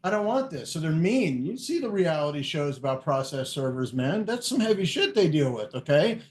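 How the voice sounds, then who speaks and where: A man telling profane, animated stories as a guest in a casual podcast chat. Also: fairly high pitch, normal speed. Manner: animated, profane, acts out quotes. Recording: echoey room.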